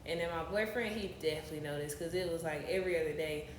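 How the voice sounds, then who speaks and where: A young woman, telling stories as a podcast guest in an animated, laughing way. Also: low-pitched, racing. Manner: animated storytelling, laughs often. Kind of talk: casual interview chat. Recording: roomy podcast audio with faint hiss.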